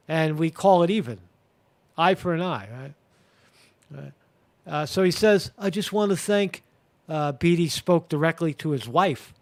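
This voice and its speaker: A man hosting a live commentary show, talking casually with many fillers, restarts and crude language. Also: high voice. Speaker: show host.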